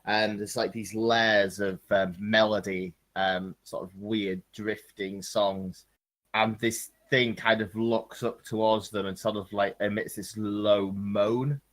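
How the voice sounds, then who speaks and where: Slow, hesitant male game master. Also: lowish voice, flat delivery, a bit bright. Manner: hesitant, many ums and restarts. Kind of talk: narrating a tabletop game.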